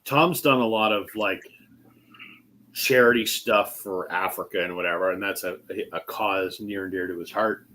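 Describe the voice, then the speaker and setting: At a moderate pace and with slight background noise, a fairly low-voiced male host leads a laid-back conversation. His storytelling is lively, he imitates the people he quotes, and his speech is peppered with fillers and false starts.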